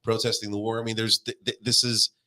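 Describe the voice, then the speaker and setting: A man's voice: lowish voice, flat delivery, fast, pushed and bright. A young man co-hosting a podcast in casual chat, rambling with restarts and swearing. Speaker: podcast co-host.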